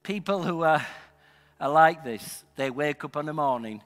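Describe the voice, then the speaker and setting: A male pastor from Northern England preaching a sermon in a church hall, emphatic and building to loud, shouted declarations. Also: on the high side, lively intonation, a little slow, soft background music. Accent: Northern English. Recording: long hall reverb.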